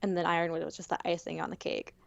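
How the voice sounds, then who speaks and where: Animated woman on a dry lo-fi mic. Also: fairly low pitch, racing, gravelly, no room sound. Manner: animated, laughing asides. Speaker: podcast co-host. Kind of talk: casual fan chat.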